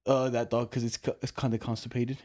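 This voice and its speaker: Mellow-voiced young man swearing casually. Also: mid-range voice, flat delivery, brisk. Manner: profane, rambling storyteller with slang. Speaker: podcast co-host. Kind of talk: casual chat. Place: his bedroom at home.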